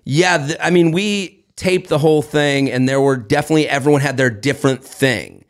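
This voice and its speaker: A young man co-hosting a podcast, telling a story in lively casual chat and acting out the voices of people in it. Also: a little high, normal speed. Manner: animated, acts out voices, swears and laughs. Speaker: podcast co-host.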